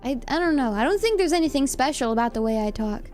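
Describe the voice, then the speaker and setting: A woman's voice: sits high, animated, fast, a little mellow, soft background music. A young woman with a Californian accent, chatting casually with her live viewers, giggly and self-deprecating. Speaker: streamer. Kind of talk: casual chat reading live comments.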